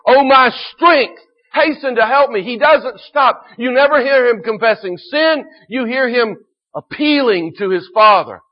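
A man preaching a sermon, moving between quiet solemn scripture reading and loud fervent exhortation. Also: extremely high pitch, a little slow, muffled recording. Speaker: pastor.

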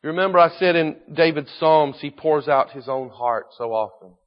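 High-voiced preacher, dull lo-fi sound. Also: male voice, moderate pace. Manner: builds from hushed solemn reading to loud fervent preaching. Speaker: pastor. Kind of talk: sermon.

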